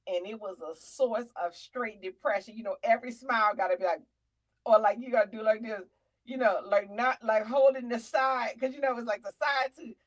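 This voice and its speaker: A woman comedian and show host telling a funny personal story, chatty and animated, calling listeners honey and slipping into faith testimony. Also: fairly high pitch, moderate pace, low-quality recording. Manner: testimony-style preaching about faith.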